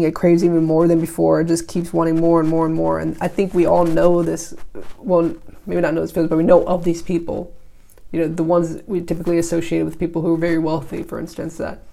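Podcast host, reads classic poetry and riffs on it casually; gravelly, monotone delivery. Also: medium pitch. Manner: reads archaic verse, then paraphrases loosely with many likes and you-knows. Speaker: podcast host reading and interpreting a poem. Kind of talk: casual explanatory reading with commentary.

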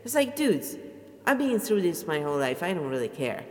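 A woman's voice: lowish voice, very animated, moderate pace, darkish tone, big-room sound. A middle-aged woman, ranting bluntly and swearing freely in a rambling personal vlog. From Italy. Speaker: vlogger. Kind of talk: personal rant to camera.

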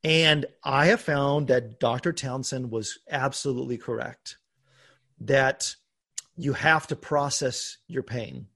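A man hosting a podcast, talking earnestly and openly about his own life, with bursts of laughter and animated emphasis. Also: mid-range voice, slow. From United States. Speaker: podcast host. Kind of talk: conversational podcast talk.

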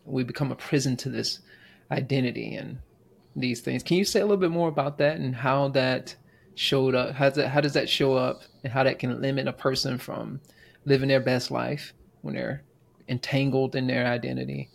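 A man hosting an interview, asking slow, searching questions with hesitant phrasing. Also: mid-range voice, fairly even intonation, gravelly. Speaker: podcast host.

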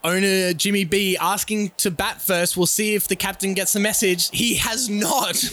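A man's voice: high-pitched, takes it slowly, pushed and bright. A man doing mock sports commentary for a simulated cricket game in announcer cadence. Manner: announcer cadence, reading out lineups and sponsors. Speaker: play-by-play commentator.

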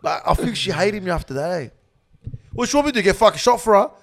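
A man with an Australian accent telling a story in casual talk, swearing constantly and getting loud and laughing as he tells it. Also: sits high, lively intonation, fast talker, gravelly. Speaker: interview guest.

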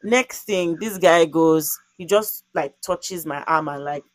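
A young woman telling a story in casual conversation, animated and expressive, acting out quotes and using lots of fillers. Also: low voice, takes it slowly, no echo. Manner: frequent "like" fillers.

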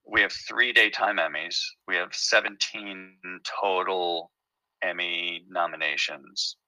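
A man's voice: deep voice, fairly even intonation, slow pace, bright, forceful tone, no echo, rough recording. A man who creates and writes a TV show, telling his story in a casual interview with many fillers and restarts.

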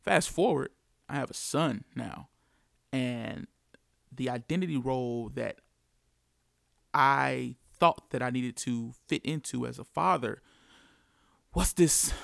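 A man's voice: medium pitch, gravelly, clear, resonant tone, no room sound, studio quality. A man from the United States telling his story as a father in an earnest, reflective monologue, repeating key phrases for emphasis.

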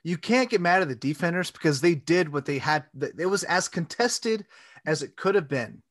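A man co-hosts a casual sports podcast, sounding laid-back and agreeable, and his voice drops to a mutter whenever he concedes a point. It is a little high and a bit bright, with lively intonation at normal speed.

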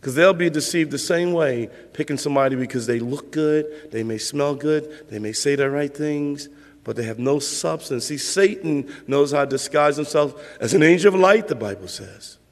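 A man's voice: a little high, normal speed, big-room sound. A male pastor preaching a sermon in a conversational way, repeating points for emphasis.

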